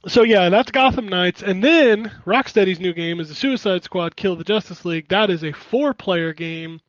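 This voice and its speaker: A man co-hosting a gaming podcast in casual chat, talking in an animated, exclamatory way. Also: high-pitched, moderate pace, dry recording, highs cut off. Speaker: podcast co-host.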